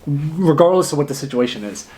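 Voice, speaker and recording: A man acting coach giving a casual lesson to camera, energetic and emphatic, often pausing to demonstrate. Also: on the high side. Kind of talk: casual instructional talk to camera.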